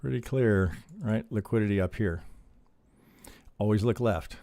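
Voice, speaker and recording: Gravelly man talking through charts. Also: lowish voice, a little slow, long pauses, warm tone, no echo. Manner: peppers talk with rhetorical questions and "right?"; thinks aloud with restarts. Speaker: trading educator reviewing member charts. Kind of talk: live-stream chart review, casual teaching.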